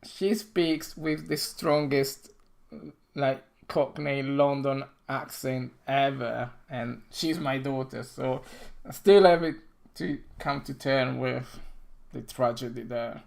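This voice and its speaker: A middle-aged man hosting a game dev stream, chatting casually with halting, non-native phrasing and frequent restarts. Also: medium pitch, fairly even intonation, gravelly, darkish tone. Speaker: game developer and stream host.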